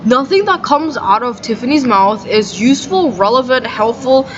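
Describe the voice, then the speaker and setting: A woman's voice: fairly high pitch, expressive, normal speed, background noise. A young woman vlogging outdoors on the grass, ranting in an exasperated, profane, rambling way. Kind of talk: ranting casual monologue. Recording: slightly dull sound, faint outdoor ambience.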